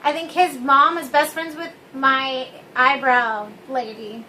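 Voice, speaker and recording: Young woman co-host, very high voice, silly and giggly, light hum behind. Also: fairly even intonation, slow pace, pushed and bright. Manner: goofy, bursts into laughter and silly voices. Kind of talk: casual chat.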